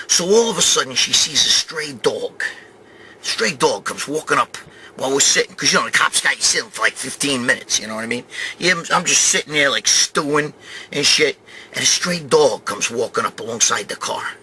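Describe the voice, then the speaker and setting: A man in his sixties telling a profane comic story about a traffic stop, acting out the other people with animated voices. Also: fairly high pitch, fairly quick. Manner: animated, swearing, acts out quoted voices. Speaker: host. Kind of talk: profane comedic storytelling rant.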